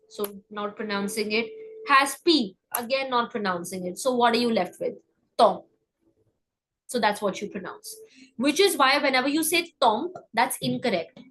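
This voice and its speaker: A woman giving a live online French class, breaking words down and repeating them slowly, often checking in with "okay?". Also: a little high, fairly bright tone, rough recording. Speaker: French teacher.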